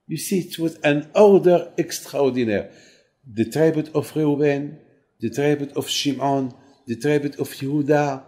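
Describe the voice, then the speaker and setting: Man, rabbi, sermon in English, slow, mellow, halting with repeats, animated emphasis. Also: a little high.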